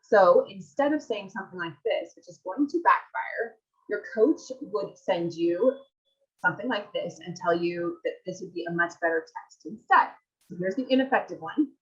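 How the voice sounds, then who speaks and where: Low-voiced woman coaching on a webinar. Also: lively intonation, normal speed, dull audio. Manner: reads audience comments, asks rhetorical questions. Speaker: marriage coach. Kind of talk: live webinar presentation.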